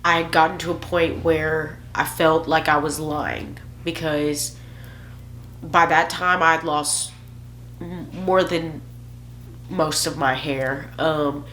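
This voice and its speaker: Young woman vlogging, low voice, real candid and emotional, little hum in the background. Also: steady tone, takes it slowly, fairly bright tone. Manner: candid, emotional, self-joking. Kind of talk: personal storytelling vlog.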